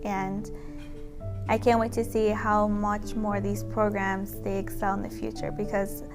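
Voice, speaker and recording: A woman's voice: mid-range voice, level tone, measured pace, over music. A young woman telling her own story as a pregnancy center client, chatty and emotional, full of gratitude. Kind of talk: testimonial video.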